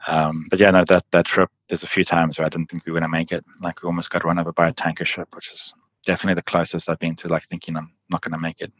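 A man in his thirties tells stories from his expeditions in a relaxed interview, talking fast and filling gaps with "like" and laughter. His voice sits low and fairly even. The sound is dry and a little dull. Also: dry recording. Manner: fast, laughing, rambling with many "like"s. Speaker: endurance athlete guest. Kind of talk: casual storytelling interview.

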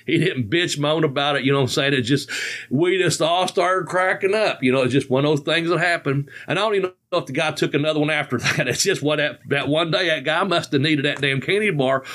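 This podcast host is a man in his fifties whose voice runs on the high side, a little fast, with a fairly bright tone. He tells road stories in casual talk, rambling, laughing a lot, and speaking with loose colloquial grammar.

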